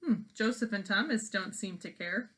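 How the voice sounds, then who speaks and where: Teacher lady reading a storybook to kids, stops to guess what happens, voice jumps all over. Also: mid-range voice. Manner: animated, pausing to predict and ask questions. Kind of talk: reading a picture book aloud to children.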